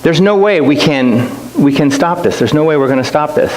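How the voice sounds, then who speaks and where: A man's voice: a little high, expressive, normal speed, a little mellow. A middle-aged man speaking as a guest missionary, telling stories to a church in a chatty, self-deprecating way with lots of restarts. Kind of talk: storytelling church talk. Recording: echoey church hall with faint hiss.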